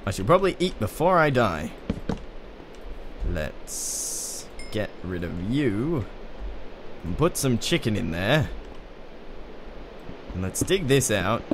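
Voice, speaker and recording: Aussie guy faking a british accent, lively up-and-down voice, keyboard clacking behind. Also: on the low side, takes it slowly, pauses often, background noise. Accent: put-on British. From Australia. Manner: chatty, rambling, talks to game mobs. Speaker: let's play host. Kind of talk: gaming commentary. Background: keyboard typing and clicks.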